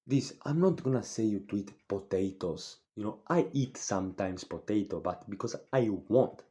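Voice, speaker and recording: A man's voice: on the low side, expressive, normal speed, dark tone. A nineteen-year-old man, a native Spanish speaker, delivering a blunt, profane, repetitive motivational fitness vlog monologue. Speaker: fitness vlogger.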